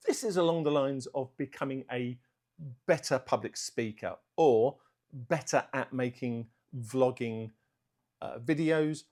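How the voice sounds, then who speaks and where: Guy chatting to camera bout his art channel, self-aware, slow and careful with some ums. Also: medium pitch, a little mellow. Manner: self-aware, practicing slow deliberate delivery with some fillers. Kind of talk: unscripted talk to camera. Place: indoors, room at home.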